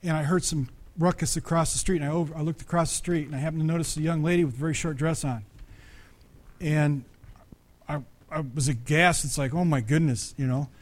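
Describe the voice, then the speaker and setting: A middle-aged man preaching a sermon, conversational and animated, with frequent restarts and sudden loud peaks. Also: a little high, a little fast. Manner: restarts and repeats words often. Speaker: pastor.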